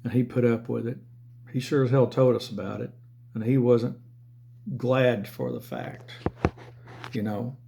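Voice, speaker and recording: Southern man, former salesman, gravelly, blunt, profane, mid-pitched. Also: fairly even intonation, unhurried, long pauses, mellow. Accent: Southern American. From Southern United States. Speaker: former car and motorcycle salesman. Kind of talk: casual storytelling monologue.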